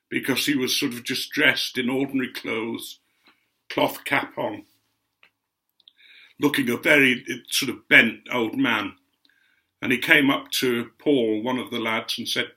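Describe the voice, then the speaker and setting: With a crisp, bright tone at average pitch and a measured pace, this older Yorkshireman from Otley, England, rambles through stories as a guest speaker. He reminisces in a chatty, wandering way, slipping in gentle asides along the way.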